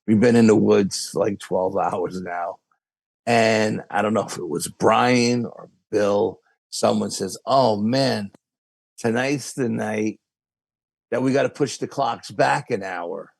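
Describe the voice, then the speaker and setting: A man's voice: on the low side, takes it slowly, vocal fry, no echo. A man with a New York accent, a podcast guest telling a long story with quoted dialogue. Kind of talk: casual storytelling.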